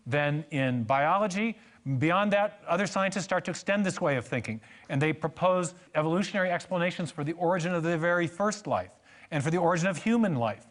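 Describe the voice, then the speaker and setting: A man giving a church lecture on science and faith, telling stories with emphatic repetition and joking asides. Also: fairly high pitch.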